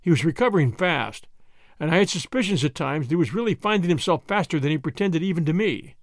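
Man narrating a classic story, slightly high voice, dry close recording. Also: lively intonation, fast talker, no echo. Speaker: audiobook narrator. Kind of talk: first-person storybook narration.

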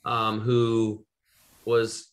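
A man's voice: on the low side, completely flat delivery, extremely slow. A man from Eastern Oregon hosting a podcast, telling a personal story in loose, rambling casual chat with some swearing. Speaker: podcast host.

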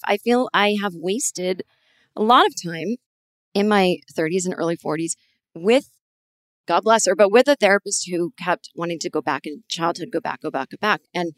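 A woman in her forties hosting a podcast, telling a long personal story in a rambling, animated way with many restarts. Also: medium pitch, dry recording, clean studio sound. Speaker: podcast host. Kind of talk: conversational interview.

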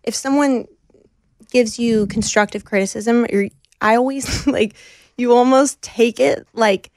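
A woman's voice: fairly high pitch, measured pace, a little mellow, no echo, clean studio sound. A young adult woman, a guest in a conversational interview, speaking in an earnest, reflective way with frequent fillers.

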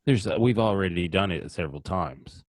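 A man's voice: low-pitched, a little fast, dry recording. A man in his thirties on a podcast, rambling in crude, casual chat and acting out quotes in a raised voice. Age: 30s. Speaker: podcast co-host.

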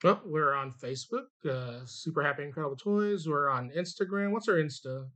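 A man's voice: on the high side, lively intonation, fairly quick, pushed and bright. A man co-running a toy shop, easygoing and chuckling as he lists where to find them. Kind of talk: casual interview chat. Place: in a toy store.

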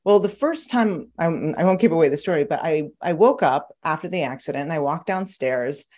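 The voice is deep and fairly quick: a woman author guesting on a podcast. Her casual interview talk is packed with animated stories and plenty of laughter.

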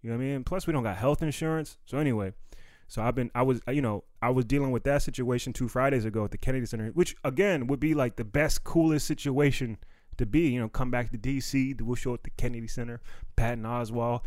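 Fast and medium-pitched, with a darkish tone and no room sound, this young man is a comedian getting over bronchitis. On his solo podcast he keeps it casual with loose, slangy street talk, heavy on fillers and "you know what I mean."

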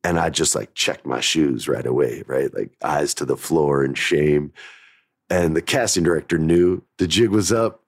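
Low-voiced guy on his podcast, dry close mic, telling it straight and pushing ppl to be ready. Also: normal speed, vocal fry, dry recording. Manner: candid, emphatic, motivational. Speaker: podcast host. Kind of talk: casual storytelling podcast.

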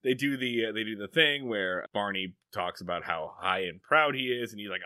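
A man co-hosting a podcast, chatting casually and profanely, retelling scenes with quick mock voices. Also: lowish voice, bright, forceful tone, no echo, studio quality. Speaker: podcast co-host. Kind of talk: casual comedic chat.

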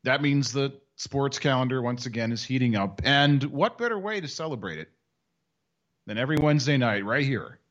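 Male podcast co-host, dry wit, lively swooping delivery, slightly dull lo-fi sound. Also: mid-range voice, normal speed. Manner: wry, animated, slips into mock voices. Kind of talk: casual sports podcast banter.

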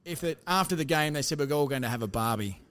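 A man's voice: a little high, expressive, quick pace, fairly bright tone. An Australian man hosting a podcast, playfully quizzing two guests on local slang before reading the outro. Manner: playful, teasing quizmaster. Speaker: podcast host. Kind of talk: casual quiz and podcast outro.

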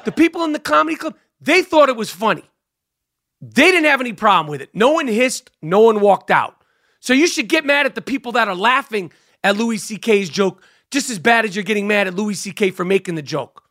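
A man's voice: high voice, animated, brisk, bright, forceful tone. A man hosting a podcast, ranting in a profane, joking way about the news. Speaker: podcast host. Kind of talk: casual podcast commentary.

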